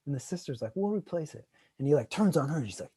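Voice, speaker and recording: A man co-hosting a casual chat, telling a story animatedly and acting out other people's lines loudly. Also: medium pitch, animated, rapid-fire, husky, no room sound. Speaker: co-host.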